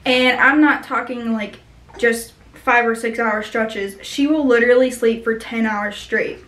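A young woman, a mother, speaking earnestly in a personal vlog, with many pauses and fillers. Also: a little high, fairly even intonation, fairly bright tone. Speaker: mother sharing her baby's story. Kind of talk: personal vlog talking to camera. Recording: echoey room.

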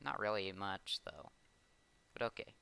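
A man's voice: lowish voice, unhurried, gravelly, bright, forceful tone, clear, resonant tone. A man casually rambling to himself while playing a game roleplay, often stopping to correct himself. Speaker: YouTuber playing a Minecraft roleplay. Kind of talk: casual gameplay roleplay commentary.

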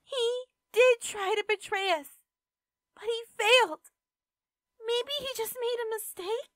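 A woman's voice: very high-pitched, unhurried, bright, forceful tone, dry recording, studio quality, exaggerated voice. A woman voicing a young feline daughter in an audio drama, emotional and defiant. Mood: upset. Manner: emotional, pleading.

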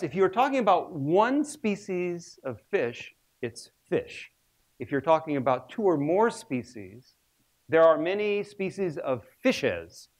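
A man in his sixties, a research biologist, giving a public lecture with humorous storytelling. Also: a little high.

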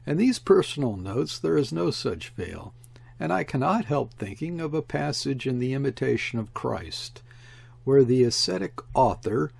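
A man reading a literary memoir aloud as an audiobook narrator, in a measured, reflective way with lingering phrases. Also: mid-range voice, sing-song, creaky, a little mellow, slightly rough. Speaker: audiobook reader.

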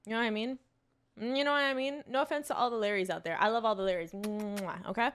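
Young woman, gaming streamer, casual slangy commentary, slightly high voice, faint music behind. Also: fast talker, a bit bright. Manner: slangy, chatty, talks to herself.

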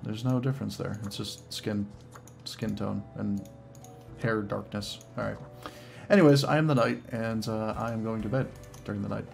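A man's voice: fairly low pitch, steady tone, moderate pace, gravelly, darkish tone, faint music behind. A young man with a Boston accent, joking sarcastically through gaming commentary. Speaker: gamer.

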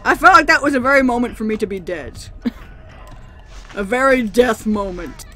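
Playing a horror game for her channel, a woman talks a little slowly in a slightly high, animated voice that sounds pushed and bright. She mocks the characters sarcastically into a desk mic, then shrieks at the jump scares.

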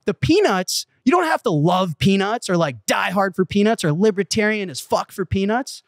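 A man as an interview guest, telling a story with excitable, profane emphasis in a casual way. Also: high voice, normal speed. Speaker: interview guest, company CEO. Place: Malibu.

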